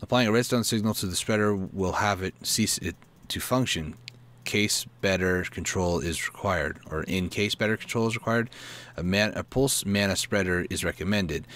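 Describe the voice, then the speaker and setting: Low-voiced man reading a game guide aloud. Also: a bit bright. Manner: reads aloud haltingly, stumbling and self-correcting; asides and questions to himself between reading. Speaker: gaming channel host.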